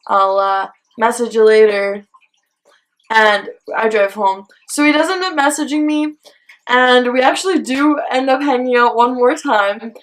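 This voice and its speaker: Young woman vlogger, slightly high voice, rambling casual storytime delivery. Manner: chatty, filler-heavy, lots of "like".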